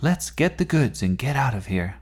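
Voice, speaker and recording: A man voicing an eager, slightly anxious young girl in a storybook, high and urgent. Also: sing-song, moderate pace, a little mellow, breathy edge.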